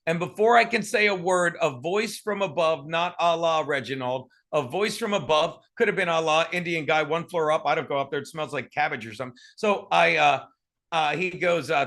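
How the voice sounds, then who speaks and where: Bright, high-voiced man telling a rambling story. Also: a little fast. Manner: rambling, joking, many fillers and restarts. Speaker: guest storyteller. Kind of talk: casual comedic storytelling.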